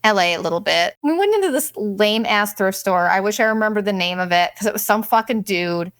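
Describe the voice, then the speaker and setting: A woman's voice: mid-range voice, lively intonation, brisk, a bit bright, no room sound, studio quality. A middle-aged woman telling candid, profane stories in a casual chat, often putting on voices to quote people. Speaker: vlogger. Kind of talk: casual storytelling monologue.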